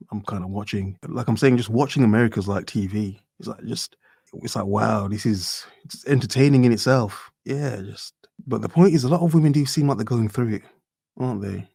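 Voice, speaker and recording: A man's voice: lowish voice, a little fast, creaky, darkish tone, dry recording, studio quality. A man hosting a reaction video, rambling and mocking, keeps insisting he is only joking. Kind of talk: casual commentary.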